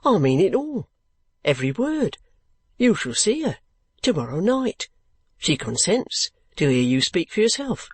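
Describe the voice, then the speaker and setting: Man doing an excitable eccentric clerk, high squeaky lifts, stammering, fluttering, dry close sound. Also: measured pace, husky, no echo, heavily acted. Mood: exultant. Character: excitable middle-aged male clerk, eccentric. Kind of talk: audiobook character voice.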